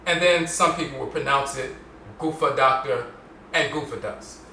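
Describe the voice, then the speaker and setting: A man hosting a solo podcast lecture, explaining at length and slowly repeating terms to show how they are pronounced. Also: mid-range voice, sharp tone, a little hiss or hum. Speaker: podcast host. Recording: roomy echo, mic at a distance.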